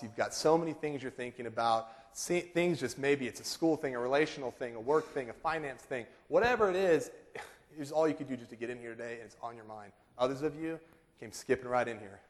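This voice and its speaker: Man preaching in an echoing hall. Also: fairly quick. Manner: storytelling, animated, acts out quotes in high voices. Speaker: pastor. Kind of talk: sermon. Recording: long reverb of a large hall.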